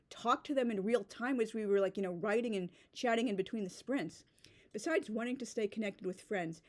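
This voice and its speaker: A woman talking straight to camera in a loose, conversational vlog. She rambles from point to point, peppers her speech with "like," and turns sarcastic when she is annoyed. Her voice sits at an ordinary middle pitch. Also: darkish tone. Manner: rambling and sarcastic, heavy use of "like". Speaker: blogger reflecting on a writing community. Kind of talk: casual spoken commentary.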